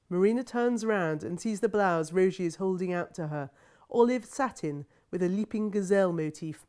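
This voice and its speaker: A woman reads aloud from her own novel in a measured, wry manner. Her voice sits somewhat low for a woman. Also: mellow. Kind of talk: literary reading aloud.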